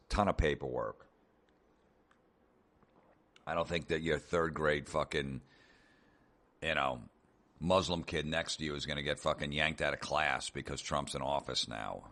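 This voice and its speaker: A man's voice: a bass voice, fairly bright tone. A man hosting a comedy podcast, ranting sarcastically and profanely in a loose monologue. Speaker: podcast host.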